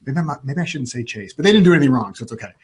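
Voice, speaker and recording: A man, a guest in an interview, telling a personal story in an animated way and often restarting his sentences. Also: medium pitch, rapid-fire, slightly rough.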